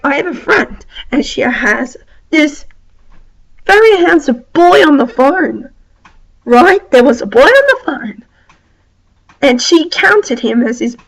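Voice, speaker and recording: A woman's voice: high-pitched, fairly bright tone, low-quality recording. A woman ranting angrily and swearing a lot, her talk full of "like" and "I mean". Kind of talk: angry rant.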